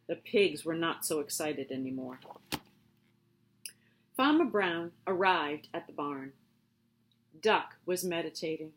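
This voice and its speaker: A woman teacher reading a picture book aloud to her students, with expressive, drawn-out storytelling. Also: low voice.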